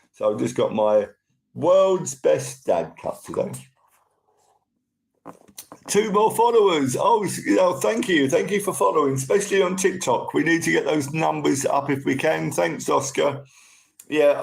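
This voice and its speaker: Gravelly-voiced man chatting on a live stream. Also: medium pitch, poor audio. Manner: chatty, thanks viewers by name as they join. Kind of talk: casual live stream chat.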